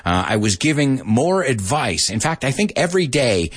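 A man's voice: medium pitch, sing-song, normal speed, husky. A man teaching an English lesson in an upbeat, joking way, spelling words out letter by letter and slipping in Spanish translations. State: out of breath. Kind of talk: live-stream English lesson.

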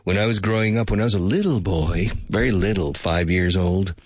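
Low, husky older man musing slowly. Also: a little mellow, no room sound, studio quality. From United States. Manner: musing, repeats words, mixes in Spanish glosses. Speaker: English teacher. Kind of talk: relaxed teaching monologue.

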